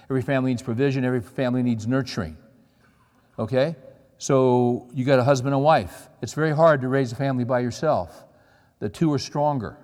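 A man's voice: mid-range voice, fairly quick, a little mellow. A middle-aged man preaching a sermon, telling stories in a conversational way and checking in with the audience. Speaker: pastor. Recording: long reverb of a large hall.

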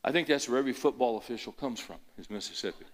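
Older man, pastor, folksy rambling sermon, emphatic repetition, plain mid-pitched voice. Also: racing. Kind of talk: conversational sermon.

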